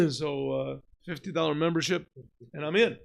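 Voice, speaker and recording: A man, a rabbi, giving an informal Torah lesson, asking and answering his own questions and often clearing his throat. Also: a little high, moderate pace. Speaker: rabbi teaching a class.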